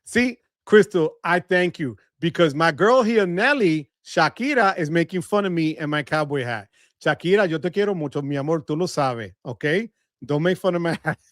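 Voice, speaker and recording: Upbeat guy from the bronx chatting with his stream chat, kinda high voice, dry mic. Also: moderate pace, dry recording. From Bronx, New York. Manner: animated, laughs often, greets viewers by name. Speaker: livestream host. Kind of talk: casual livestream chat reading the chat.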